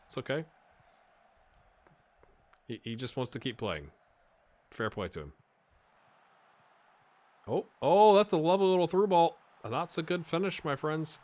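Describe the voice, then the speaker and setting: A man giving excitable, jokey play-by-play commentary on his football management game, with bursts of shouting at goals. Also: fairly high pitch, a little slow, long pauses. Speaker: gaming YouTuber.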